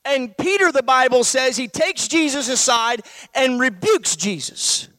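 A man's voice: very high voice, expressive, measured pace, bright, forceful tone, no room sound. A man preaching a sermon, posing one rhetorical question after another to his congregation.

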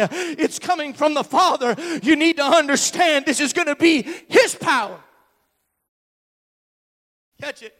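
A male preacher delivering an impassioned sermon, slow and emphatic, with many hesitant fillers. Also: very high voice, lively intonation, a bit bright. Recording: echoey church hall.

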